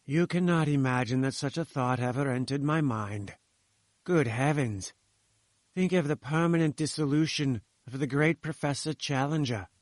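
A man reading a sly, nervous male inventor with a smooth, wheedling manner. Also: medium pitch, normal speed, no echo, natural voice.

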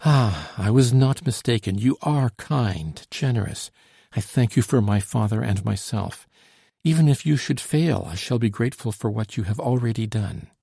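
Storybook heroine: a man plays an anxious, devoted young Frenchwoman, husky and dark-toned, pleading with wide swings in pitch. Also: expressive, normal speed, no echo, clean studio sound. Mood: eager, emphatic. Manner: pleading, emphatic rises in pitch. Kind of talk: audiobook dialogue reading.

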